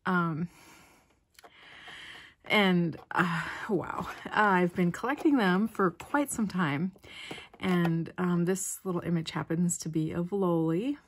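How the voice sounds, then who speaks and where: A woman hosting her craft channel, chatting casually and gushing as she opens mail, often dropping into soft whispers. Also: lowish voice, takes it slowly, a little hiss or hum. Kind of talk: casual unboxing vlog.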